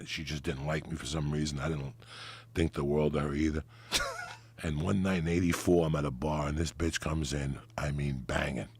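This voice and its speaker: Gravelly deep-voiced New man. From New Jersey, USA. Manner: profane, animated, acts out voices. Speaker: podcast guest storyteller. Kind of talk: raunchy comedic storytelling.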